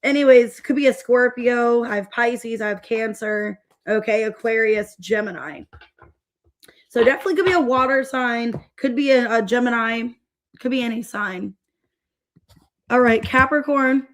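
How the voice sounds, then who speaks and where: A woman's voice: on the high side, normal speed. Chatty woman giving a tarot reading. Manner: chatty, rambling, greets viewers mid-reading. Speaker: tarot reader.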